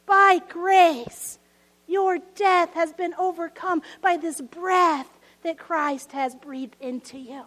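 A woman pastor preaching a lively sermon, telling stories with laughs and dropping to hushed asides. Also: very high-pitched, slow pace, long reverb tail.

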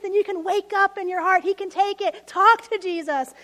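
High-voiced woman preaching a sermon. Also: moderate pace. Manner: expressive, acts out voices of people from the story, laughs often.

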